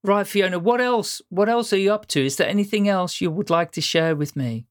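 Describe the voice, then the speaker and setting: A woman interviewing a guest, speaking slowly and answering with brief encouraging replies. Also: mid-range voice. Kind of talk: casual interview chat.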